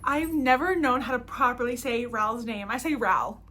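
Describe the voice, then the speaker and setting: Young American woman, book vlogger, slightly high voice, excitable and rambly, faint background noise. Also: normal speed. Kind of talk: casual chat.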